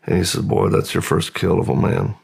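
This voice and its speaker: A middle-aged man speaks as an interview guest, slow and halting, often pausing and restarting. His voice sits very low and is deeply gravelly. It is husky throughout. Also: little pitch movement, darkish tone. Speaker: podcast guest. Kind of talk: personal testimony in a long-form interview.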